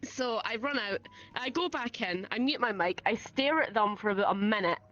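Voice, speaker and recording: A young woman, a streamer guest, chatting casually and telling stories in a rambling, animated way with frequent laughter. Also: mid-range voice, normal speed, lo-fi sound. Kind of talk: casual chat, storytelling.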